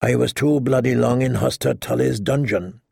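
A man's voice: mid-range voice, moderate pace, gravelly, darkish tone, breathy edge, no echo, studio quality. A man voicing a proud, mocking captive knight who speaks in a sneering, scornful way. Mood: wry.

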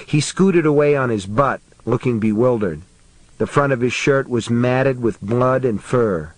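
A man reads an audiobook in a steady, measured voice at a middle pitch. The recording is dry and close, with no room sound. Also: no room sound, rough recording. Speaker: narrator. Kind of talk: audiobook narration.

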